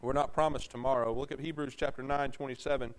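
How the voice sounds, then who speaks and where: A pastor with a mid-range voice preaches a sermon at a quick pace and in a steady tone. He calls out to the congregation for answers, moving from quiet, conversational talk to loud, shouted passages.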